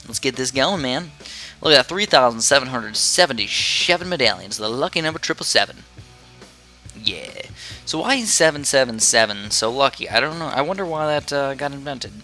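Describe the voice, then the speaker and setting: A man's voice: mid-range voice, lively intonation, normal speed, sharp tone, soft background music. A man chatting casually into a headset as he plays and comments on a tower defense game from his room, rambling and easily distracted. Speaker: gaming commentator.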